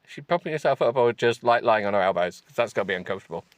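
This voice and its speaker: A male podcast host reading a text aloud for comedy, stopping to mock it with sarcastic asides and breaking into high giggles. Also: lively intonation, racing, dry recording. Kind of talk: comic reading with running commentary.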